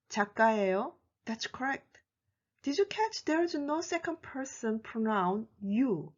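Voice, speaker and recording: A woman teaching a grammar lesson, explaining clearly and patiently. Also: medium pitch, dull audio. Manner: clear, patient explanations with slow modeled Korean examples. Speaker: Korean language teacher.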